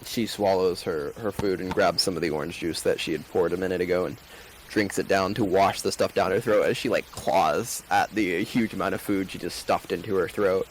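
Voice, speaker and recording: A man's voice: sits low, steady tone, moderate pace, a little hiss or hum, poor audio. A man casually narrating his character's actions in a tabletop game, often correcting himself. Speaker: tabletop player.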